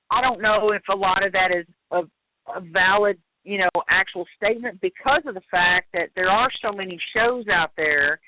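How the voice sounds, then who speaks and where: High-voiced man rambling on a phone line. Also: dry recording. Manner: rambling, hesitant, full of fillers. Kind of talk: casual talk show chat. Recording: tinny phone-line sound, dry.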